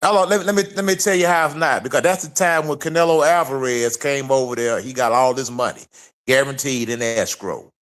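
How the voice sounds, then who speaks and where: A man's voice: mid-range voice, brisk, fairly bright tone. A man co-hosting a stream, arguing his case and repeating questions over the other speaker in a casual debate. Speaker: co-host of a boxing talk stream. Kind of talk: heated debate, casual chat.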